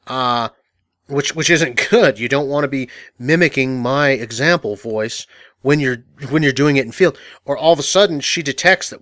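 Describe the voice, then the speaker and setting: A man's voice: medium pitch, fairly bright tone, no room sound, studio quality. A man teaching an instructional audio course in a matter-of-fact, casual way, full of fillers and restarts. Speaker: dating coach.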